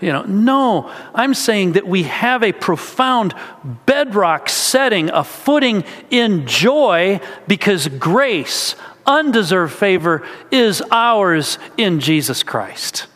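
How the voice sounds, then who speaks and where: A man's voice: sits high, big pitch swings, slow, fairly bright tone. A man preaching a sermon, earnest and storytelling, with casual asides to the congregation. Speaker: pastor. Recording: echoey hall.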